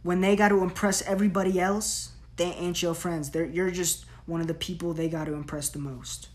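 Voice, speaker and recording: A woman's voice: lowish voice, steady tone, a little fast, a little mellow. A woman hosting a solo podcast, giving blunt, profane, slang-heavy tough-love talk. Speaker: podcast host.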